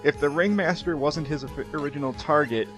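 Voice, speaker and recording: A man's voice: on the high side, a little fast, a bit bright, faint music behind. A young man in casual, joking gameplay commentary who laughs often and restarts his sentences. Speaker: let's play commentator.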